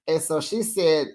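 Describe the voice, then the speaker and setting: A host recapping a reality show in a casual, chatty way, with playful shade and lively asides. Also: medium pitch. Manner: animated, chatty, playfully shady.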